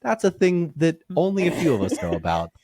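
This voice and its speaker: A man chatting casually as a podcast guest, excitable and laughing often, going off on tangents. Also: on the high side, brisk. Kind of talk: casual chat.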